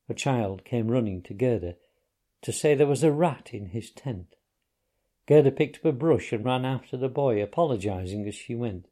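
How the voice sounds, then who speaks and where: A man calmly narrating a story in a measured, unhurried way. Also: mid-range voice. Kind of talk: audiobook narration.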